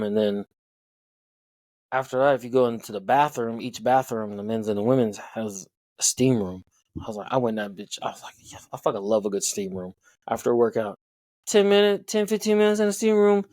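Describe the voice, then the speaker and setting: A man's voice: medium pitch, a little mellow, no room sound, low-quality recording. A man, hosting a podcast and telling a story in loose, profane casual chat from a hotel room. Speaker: podcast host.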